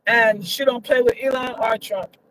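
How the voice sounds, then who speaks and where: A woman's voice: a little high, fairly even intonation, normal speed, background noise. A woman giving her opinions in a casual vlog, emphatic and repetitive, her voice leaping up when she gets indignant. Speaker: vlogger.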